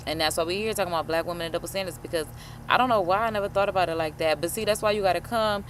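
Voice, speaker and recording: A woman host chatting casually while reacting to a video, animated and slangy, swearing and calling listeners honey. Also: on the low side, very fast, a little hiss or hum. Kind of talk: casual chat.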